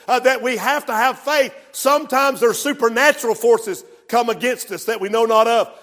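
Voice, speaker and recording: Male preacher, very high voice, emphatic sermon delivery, church hall reverb. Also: fairly bright tone. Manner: emphatic preaching with call-and-response asides.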